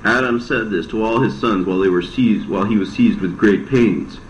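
A man reading an old religious text aloud as scripted narration, plain and steady, in a roomy, dull recording. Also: lowish voice, normal speed, a little hiss or hum. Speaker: reader.

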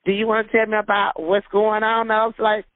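A woman's voice: mid-range voice, flat delivery, brisk, no echo. A woman recounting a personal ordeal in an interview, emotional, repeating herself and acting out the dialogue. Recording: tinny phone-like sound, dry.

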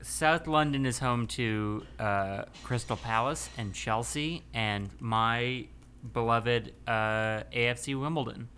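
A man's voice: medium pitch, slow pace, pushed and bright, slight background noise. A man co-hosting a casual film-recap podcast, giving his opinions and making jokes. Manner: jokey and opinionated. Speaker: podcast co-host.

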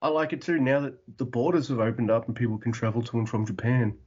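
A man co-hosting a casual wrestling recap podcast, animated and quick to laugh. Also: medium pitch, breathy edge, dull audio. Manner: animated, mimics wrestlers with loud yelps and laughs. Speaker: podcast co-host.

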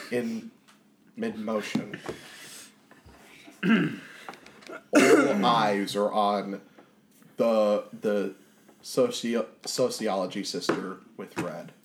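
A man's voice: on the low side, background noise. A man narrating scenes as game master of a tabletop game. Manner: slow, descriptive narration.

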